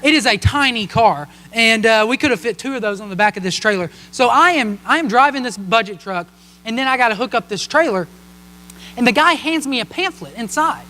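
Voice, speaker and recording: A young man in his twenties, a pastor telling a joking personal story in a sermon, animated and playful. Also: very high voice, fairly quick. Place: church hall. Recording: long hall reverb.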